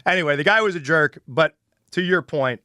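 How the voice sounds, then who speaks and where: Animated New man telling a story. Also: fairly high pitch, a little fast, smooth, no echo, studio quality. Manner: animated storyteller, acts out quotes, swears freely. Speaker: podcast host. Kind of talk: casual chat, storytelling.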